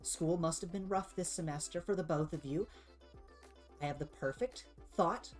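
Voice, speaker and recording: A woman voicing a gushing, bubbly middle-aged mother who is into spiritual things, in a high sugary voice. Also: normal speed, a little mellow, soft background music, lightly acted. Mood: soothing.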